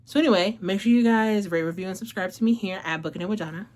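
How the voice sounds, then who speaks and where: A woman's voice: medium pitch, quick pace, darkish tone. A woman hosting a casual book review vlog, gushing and emotional, peppering her talk with "like" and swearing, a little out of breath. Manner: gushing, emotional, heavy use of "like", profanity, laughs a lot. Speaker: book reviewer and channel host.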